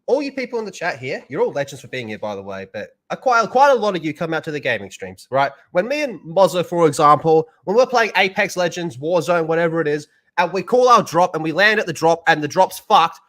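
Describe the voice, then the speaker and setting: A man's voice: a little high, sing-song, a little fast, hardly any pauses, a bit bright. A man ranting bluntly and profanely as a stream commentator.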